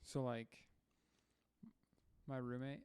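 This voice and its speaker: A man's voice: mid-range voice, flat delivery, slow, darkish tone, clear, resonant tone, no echo. A young man co-hosting a casual podcast chat, laid-back and joking, laughing often. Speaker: podcast co-host.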